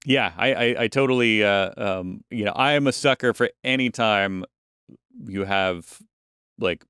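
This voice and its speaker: A man co-hosts a podcast, rambling casually with many restarts. His lowish voice is a bit bright, clear, and resonant, delivered at a measured pace in a dry, studio-quality recording.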